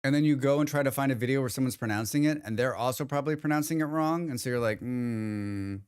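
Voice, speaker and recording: A man's voice: mid-range voice, racing, clear, resonant tone. A man streaming a game live, chatting casually with his viewers in a rambling way and often restarting his sentences. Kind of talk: casual livestream chat.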